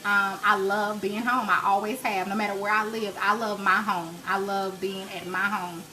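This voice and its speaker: A woman in her 30s hosts a live cooking stream from her home kitchen, chatting with viewers and urging them to pray in a preachy, faith-encouraging way. Her mid-range voice is flat and sharp in tone, at a moderate pace, and the audio quality is poor.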